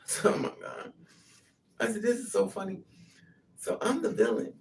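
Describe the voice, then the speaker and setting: In a mid-range voice with vocal fry, a woman speaks at a moderate pace while sharing a personal story casually. She animatedly mimics others' words, and the distant mic picks up faint noise.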